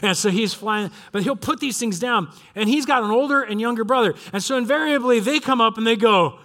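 A middle-aged man preaching a sermon with animated delivery, dropping at times to hushed tones. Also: extremely high pitch, brisk. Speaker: pastor.

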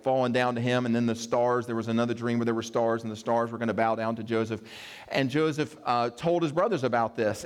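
A pastor giving a sermon, reading scripture and adding conversational, joking asides. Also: male voice, mid-range voice. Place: church sanctuary. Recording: echoey hall reverb.

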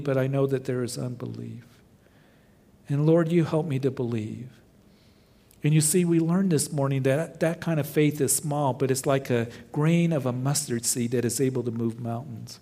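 A man's voice: mid-range voice, moderate pace, a little mellow. A man preaching a sermon as pastor, quoting scripture with feeling and letting his voice rise and fall. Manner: impassioned preaching, voice swelling and dropping, quotes scripture dramatically.

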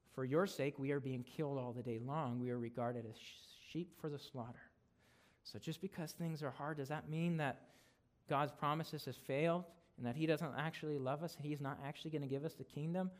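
A man's voice: a little high, fairly even intonation, brisk. Casual, emphatic male preacher. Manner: casual, conversational preaching with frequent "right?" and "guys"; rises to loud emphatic declarations when reading scripture. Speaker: guest preacher. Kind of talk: sermon.

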